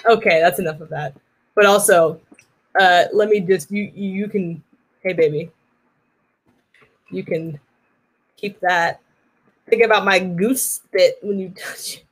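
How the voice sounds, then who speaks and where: A woman's voice: lowish voice, steady tone, a little slow, long pauses, breathy edge, low-quality recording. A woman streaming a video game, joking and teasing as she plays, with sudden silly voices. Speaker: streamer playing a goose game. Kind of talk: playful let's-play commentary.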